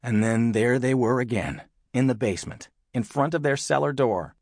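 A man narrating an audiobook in an expressive storytelling manner. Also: fairly low pitch, normal speed, no echo, studio quality. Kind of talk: scripted narration.

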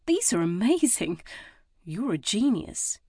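A woman voicing an enthusiastic young woman friend in an audiobook, gushing and bright in manner. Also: medium pitch, very animated, slow, breathy edge, no room sound, clean studio sound, pitched above the performer's own voice, full character voice. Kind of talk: audiobook character voice.

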